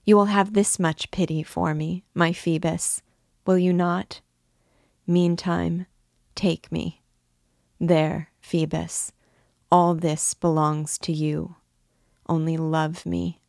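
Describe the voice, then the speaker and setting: A woman's voice: on the low side, little pitch movement, slow pace, vocal fry, long pauses, a little mellow, dry recording, clean studio sound. Woman reading as a lovestruck young gypsy girl. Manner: pleading, lovestruck.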